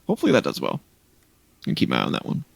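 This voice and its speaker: Podcast co-host, male, low gravelly voice, animated and rambling, dry recording. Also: rapid-fire, no room sound. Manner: rambling, listing game releases with restarts. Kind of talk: casual chat.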